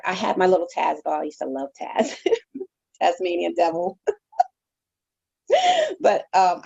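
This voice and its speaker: A woman reverend telling her personal testimony as an interview guest, in a halting, heartfelt way with many restarts. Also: medium pitch, gravelly, darkish tone, highs cut off.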